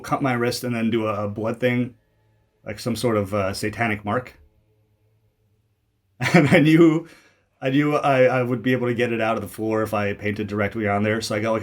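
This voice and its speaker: Rambling, self-mocking young man from Canada. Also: on the low side. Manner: rambling and self-mocking, many fillers and restarts. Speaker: YouTuber commenting on his own old video. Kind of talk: casual video commentary.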